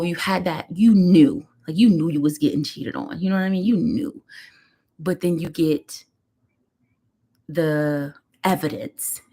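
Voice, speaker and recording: A woman's voice: low voice, a little mellow. A woman, a mother and vlogger, talking candidly and emotionally at home on a casual live stream, rambling with lots of fillers.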